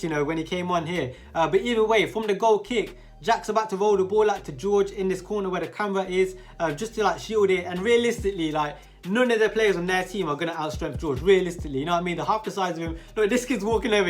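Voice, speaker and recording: A young man giving a slangy, casual voice-over commentary on a football match. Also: high-pitched. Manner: excitable, slangy, keeps saying bro and like. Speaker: youtuber commentating his own team's match.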